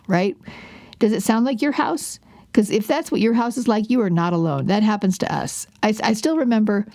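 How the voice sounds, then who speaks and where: Chatty mellow-voiced woman podcast host. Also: medium pitch, no room sound, clean studio sound. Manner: chatty, self-deprecating, frequent restarts. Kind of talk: casual parenting podcast talk.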